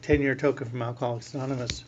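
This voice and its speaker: A middle-aged man, a priest, telling his story in an interview with animated delivery and acted-out quotes. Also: medium pitch, racing. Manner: animated, acts out quoted voices with laughing asides. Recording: dull lo-fi recording with faint hum.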